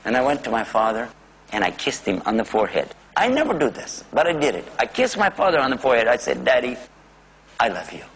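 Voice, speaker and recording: A man telling a personal faith story in a religious talk, animated and acting out the voices. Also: mid-range voice, fast talker, slight background noise, poor audio. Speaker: speaker.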